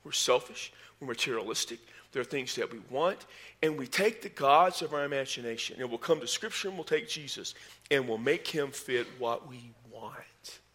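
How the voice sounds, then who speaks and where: Bright-voiced preaching man. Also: moderate pace, husky. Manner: animated preaching, rising in pitch and volume when stressing points; folksy asides and sports metaphors. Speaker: pastor. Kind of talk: sermon.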